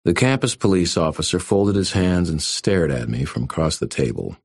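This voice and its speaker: A man's voice: low voice, sing-song, normal speed, husky, no echo. A man reading a first-person story aloud with dry, wry delivery. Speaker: audiobook narrator. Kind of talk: first-person audiobook narration.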